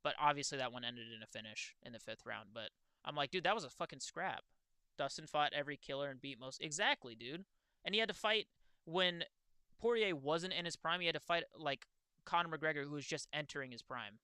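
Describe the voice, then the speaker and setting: A young man streaming, chatting casually and excitedly, swearing freely and talking to his viewers. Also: a little high, brisk, clear, resonant tone, dry recording. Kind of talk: casual livestream chat.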